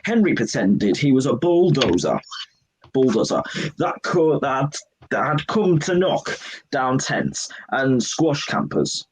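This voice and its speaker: A man's voice: mid-range voice, big pitch swings, takes it slowly, a little hiss or hum, low-quality recording. A man hosting a live show, reading a children's book aloud with chatty asides and frequent stumbles.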